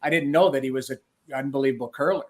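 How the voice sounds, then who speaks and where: A man's voice: medium pitch, fast talker. A middle-aged man, a former goalie, chatting as a podcast guest and thinking aloud. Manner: rambling, thinking aloud with restarts. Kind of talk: casual podcast chat.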